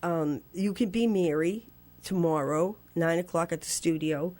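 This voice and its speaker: A woman, a guest telling a story on a radio show, laughing often and jumping to a squeaky high voice when she plays her younger self. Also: a little slow, a little mellow. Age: 60s.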